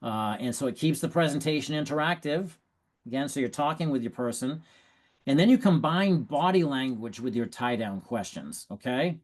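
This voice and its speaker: A man giving an energetic, conversational sales training talk on a video call, often restarting his sentences. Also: medium pitch, moderate pace.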